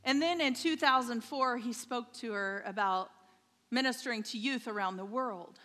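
A woman's voice: a little high, moderate pace, bright, forceful tone, big-room sound. A woman preaching a sermon in church, telling a story and checking in with the congregation. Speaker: pastor's wife preaching. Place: church sanctuary.

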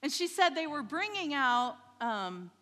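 Slow, bright-voiced woman preaching. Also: sits high, very animated, long reverb tail. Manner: storytelling, checks in with "okay?". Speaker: pastor's wife preaching. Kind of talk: sermon. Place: church sanctuary.

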